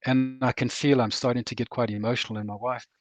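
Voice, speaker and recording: An older man from Rhodesia, a veteran author and counsellor, speaking in an earnest, measured way and slowing down on heavy words. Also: medium pitch, little pitch movement, no echo, soft background music. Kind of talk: reflective interview talk.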